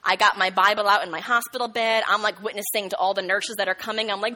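A woman preaching a sermon in a bright, ringing voice. She tells a personal testimony with animated storytelling and slips into the voices of the people she quotes. Her pitch sits in the middle range for a woman. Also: fast, few pauses.

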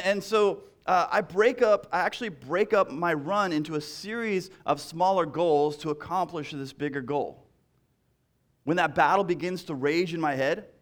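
A male pastor preaching a sermon in an animated, repetitive style that builds in intensity. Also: a little high.

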